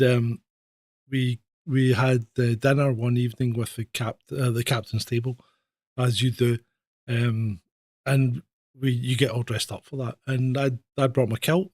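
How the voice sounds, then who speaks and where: Here the same kind of speaker, a Scottish ex-policeman co-hosting a relaxed podcast, has a medium-pitched, somewhat dark voice on a dry recording. He tells anecdotes with laughter, mimicking the people in them.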